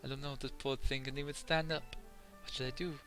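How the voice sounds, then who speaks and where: A man voicing an excitable, flustered young man with a put-on French accent, fretting and theatrical. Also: mid-range voice, fast, faint music behind, pitched above the performer's own voice, close to an everyday voice. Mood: frantic.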